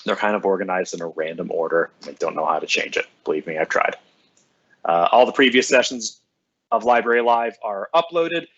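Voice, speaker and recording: A man's voice: fairly low pitch, a little fast, fairly bright tone. A man working as a school librarian, hosting a live stream for students in a casual, upbeat, chatty way and greeting viewers by name. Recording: slightly dull, lo-fi sound.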